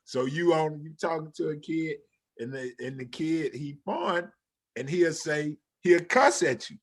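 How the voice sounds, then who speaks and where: A man's voice: a little high, unhurried. A man, a former football player and coach, telling stories in a casual chat and acting out the dialogue as he goes. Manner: animated storyteller acting out quoted dialogue.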